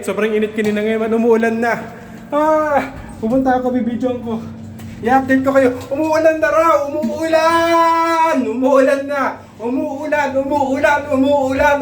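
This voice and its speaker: A Filipino man vlogging outdoors on a handheld phone, excitable and whooping often. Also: very high voice. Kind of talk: excited casual vlog. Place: outdoors in rain and wind. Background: faint wind and rain.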